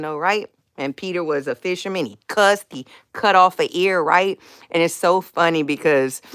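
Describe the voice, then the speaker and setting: A woman hosting her own live stream, talking casually about faith in a slangy, animated way and laughing often. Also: fairly low pitch, no echo, studio quality.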